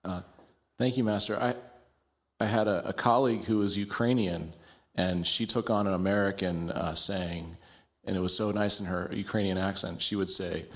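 A man, a student in a class discussion, speaking hesitantly with halting starts. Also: deep voice, steady tone, fairly bright tone.

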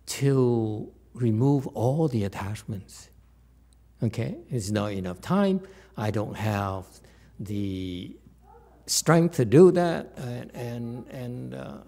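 A Buddhist teacher gives a dharma talk in a gravelly, mid-range voice. He's rhetorical and animated, with many fillers and restarts.

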